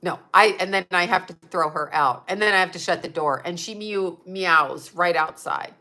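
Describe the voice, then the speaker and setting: Chatting with viewers on a casual livestream, this psychic medium from Utah, in her fifties, curses often and laughs a lot. Her voice sits lowish and moves at a moderate pace, sounding bright and forceful but a bit stuffed up in the nose.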